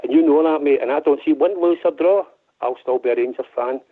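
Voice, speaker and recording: A Scottish man calling in to a football phone-in, passionate and frustrated, almost shouting. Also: fairly high pitch, fairly quick. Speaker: caller. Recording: tinny phone line.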